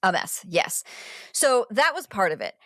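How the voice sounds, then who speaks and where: A woman, a TV critic and podcast co-host, explaining a show in animated casual chat, full of asides and restarts. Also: mid-range voice, a little slow, no room sound, clean studio sound.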